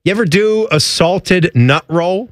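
A man from Ohio, a radio show host, chatting in a playful and excitable way. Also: a little slow, dry recording. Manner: playful, excitable, jumps up in pitch. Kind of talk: casual radio banter. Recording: dry close studio mic.

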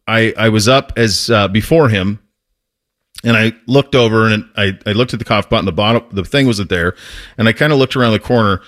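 Man telling a story on his show. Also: lowish voice. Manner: animated, with frequent restarts and laughs. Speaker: host. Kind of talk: casual storytelling.

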